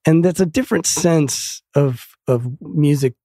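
A man hosting a podcast, a bass player speaking in thoughtful casual conversation about his craft. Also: unhurried, gravelly, mellow, no echo, clean studio sound. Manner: thoughtful, explains with hums of bass lines.

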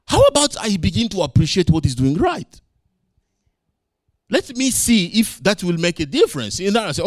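A man preaching a sermon as pastor, swinging from loud emphasis to quiet asides and acting out his own quoted words. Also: sits high, sing-song, moderate pace, no room sound, clean studio sound.

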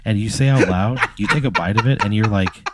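A man co-hosting a comedy podcast, telling a drawn-out story, swearing freely and laughing along. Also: on the low side, heavy background noise. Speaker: podcast co-host.

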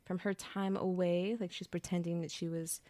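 A woman's voice: on the low side, level tone, moderate pace, warm tone, dry recording. A young woman co-hosting a podcast, chatting casually as she recaps a book plot with slang and frequent laughter. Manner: bubbly, laughs often, retells plot with slang. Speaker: podcast co-host.

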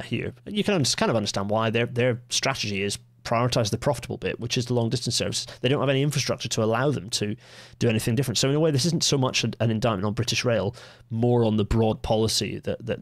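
A man hosts a casual livestreamed podcast, wandering through asides and correcting himself as he goes. His voice is gravelly with a middling pitch. The recording is dry and close. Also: no room sound. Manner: rambling, self-correcting, full of fillers and asides. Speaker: podcast host.

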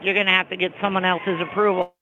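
A bowling center employee answering the phone, confused and wary. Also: male voice, sits high, level tone, fast talker. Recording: tinny phone line with faint hiss.

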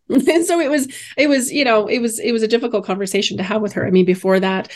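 A woman's voice: a little high, fast, few pauses, a little mellow. A bereaved mother in casual conversation, telling a personal story with animation and acting out the voices of the people she quotes.

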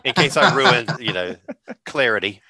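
A man's voice: medium pitch, animated, normal speed, sharp tone. A man who is a guest on a podcast, making wry jokes in casual chat. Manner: wry, joking.

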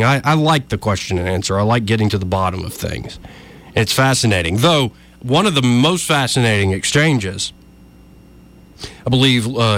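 A man's voice: medium pitch, fairly bright tone. A man giving argumentative political commentary, addressing his listeners directly. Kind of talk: opinion commentary.

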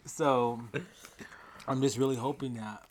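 A man's voice: mid-range voice, steady tone, unhurried, darkish tone. A man co-hosting and editing a casual podcast, joking and rambling with coughs between words. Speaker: podcast co-host. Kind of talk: casual chat.

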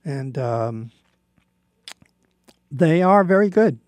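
A man's voice: on the high side, expressive, drawn-out words, a little mellow, no echo. An older man hosting a recorded radio show, talking in a rambling, casual monologue full of fillers and restarts.

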